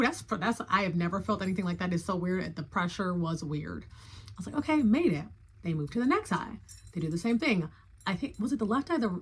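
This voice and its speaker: Chatty woman telling an animated story. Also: slightly rough. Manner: animated, acts out her own reactions with big jumps in pitch; chatty and loose, full of "like" and "y'all". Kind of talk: casual storytime chat.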